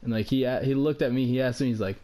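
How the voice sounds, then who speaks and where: Young adult man, casual vlog storytelling, loose and rambling, mid-pitched voice. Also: steady tone, quick pace, dark tone. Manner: rambling, heavy use of "like", swears casually. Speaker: vlogger.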